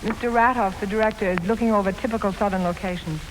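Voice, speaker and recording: Actress teasing the host, sweet but mocking, old radio with a faint hiss. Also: female voice, mid-range voice, steady tone, fast talker. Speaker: guest actress. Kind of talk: 1940s radio comedy. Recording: 1940s radio broadcast in a reverberant hall.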